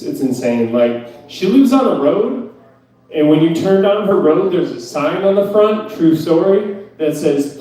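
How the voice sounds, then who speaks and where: A man's voice: on the high side, warm tone, recorded from a distance. Profane young stand-up man, echoey club. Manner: profane, incredulous, self-mocking rants. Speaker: stand-up comedian. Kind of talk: stand-up set at an open mic. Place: club stage.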